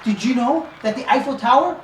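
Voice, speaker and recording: A woman's voice: high-pitched, fairly quick, a little hiss or hum, lightly acted. A woman playing an eager patient who keeps reciting trivia, chirpy, in a stage comedy. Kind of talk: community theater comedy. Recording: echoey stage from far off.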